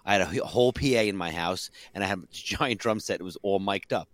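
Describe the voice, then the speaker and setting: A man's voice: low-pitched, fast, dry recording. A middle-aged man, a drummer and podcast co-host, chatting casually and animatedly about the music he learned. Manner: animated, hums drum fills. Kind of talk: casual chat.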